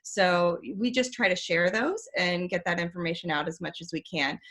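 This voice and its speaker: Earnest woman, lowish voice. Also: normal speed, fairly bright tone. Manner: earnest, detailed, many fillers and restarts. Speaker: regulatory director, interview guest. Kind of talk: casual interview answers.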